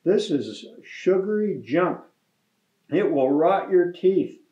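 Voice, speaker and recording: Man putting on a fussy dad, exasperated, raised high voice, echoey room, slightly dull sound. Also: lively intonation, slow, mellow. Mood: scolding. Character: fussy flustered father, easily exasperated. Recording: roomy, slightly dull recording.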